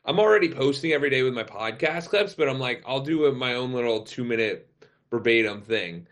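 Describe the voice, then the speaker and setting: A man's voice: mid-range voice, expressive, brisk, fairly bright tone. Conversational male podcast host. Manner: conversational, asks long rambling questions. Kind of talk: casual interview chat. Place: remote call.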